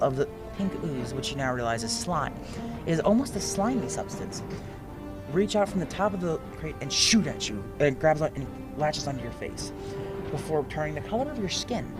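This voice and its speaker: Guy running a tabletop game, animated voice, music playing under it. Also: on the high side, normal speed. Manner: lively, with restarts. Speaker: game master.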